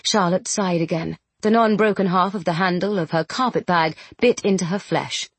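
A woman reading a novel aloud as an audiobook narrator, measured and expressive. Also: fairly low pitch, slightly rough, no room sound. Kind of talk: scripted narration.

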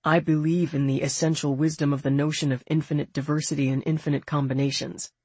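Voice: medium pitch, level tone, fast talker, darkish tone, slightly rough, no room sound, close to an everyday voice. A narrator voicing a young male former Borg who speaks in precise, formal sentences. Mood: earnest.

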